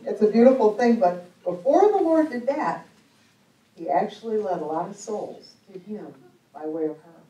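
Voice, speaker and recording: A woman tells stories from the pulpit in a chatty, humorous way, breaking into laughter as she goes. Her voice sits at an ordinary pitch for a woman. It rings through a roomy church hall, picked up from some distance. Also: animated, moderate pace, dark tone. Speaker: speaker at a church conference. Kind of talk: storytelling sermon talk. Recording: echoey hall, mic at a distance.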